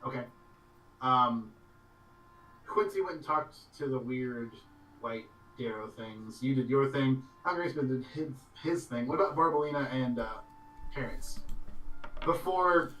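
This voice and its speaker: A man narrating as game master of a tabletop game, in a loose, halting way with many fillers and laughs. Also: mid-range voice, fairly bright tone, echoey room, far from the mic, slight background noise, low-quality recording.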